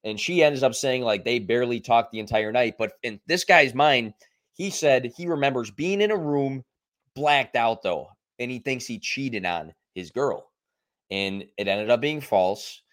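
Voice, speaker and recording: A young adult man co-hosting a podcast and telling stories in a casual, animated way, acting out the quoted lines. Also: medium pitch, a little slow. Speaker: podcast co-host. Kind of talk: casual storytelling chat.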